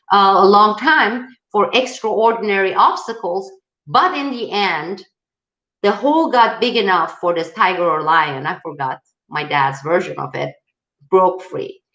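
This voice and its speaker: Rallying woman host, echoey room. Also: mid-range voice. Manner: emphatic, animated, rallying. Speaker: host of a political video channel. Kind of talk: live-style viewer Q&A.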